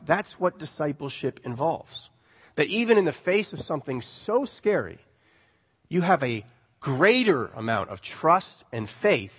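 A man preaching a sermon, animated, swinging between loud emphasis and hushed words. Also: a little high, breathy edge. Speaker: pastor. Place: church sanctuary. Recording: long reverb of a hall.

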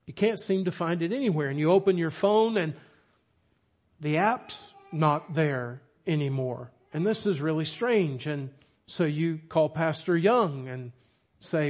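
A man's voice: a little high, lively intonation, measured pace. A man preaching a sermon, with emphatic, dramatic storytelling. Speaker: pastor.

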